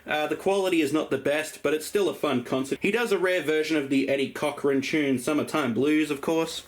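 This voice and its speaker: Brisk and on the high side, an Australian man rambles through his vinyl records in a casual show-and-tell for his collector vlog, with lots of ums and uhs along the way.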